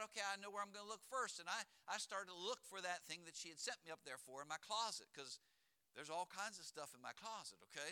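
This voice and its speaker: A man from Pennsylvania preaching in a high, forceful voice. He tells folksy stories and slows down to drive home key words. His tone stays clear and resonant throughout. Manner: storytelling, emphatic with slowed key words. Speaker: pastor. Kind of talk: sermon.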